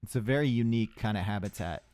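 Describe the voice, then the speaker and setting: A man's voice: lowish voice, quick pace, darkish tone, clear, resonant tone. A young man casting a live strategy game match, chatty and rambling, with asides to his chat. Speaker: esports caster.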